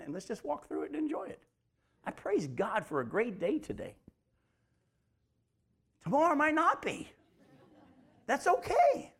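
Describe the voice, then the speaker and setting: Male preacher, a little higher-pitched than most, casual and chatty, keeps asking listeners questions. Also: vocal fry. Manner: lively, asks the listeners rhetorical questions; conversational, addresses listeners as folks. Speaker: preacher and Bible teacher. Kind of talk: sermon, verse-by-verse Bible teaching.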